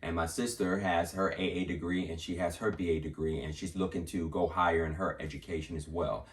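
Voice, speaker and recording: A young man with a very low voice hosts a casual podcast chat, speaking earnestly and pausing on fillers. He sits back from the microphone, so he sounds somewhat distant. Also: steady tone.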